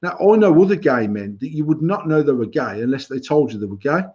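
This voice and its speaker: A man's voice: fairly high pitch, animated, a little fast, a little mellow, breathy edge, dull audio. A British man co-hosting a casual banter podcast, talking bluntly and opinionatedly with lots of swearing and restarts. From United Kingdom. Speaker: podcast co-host.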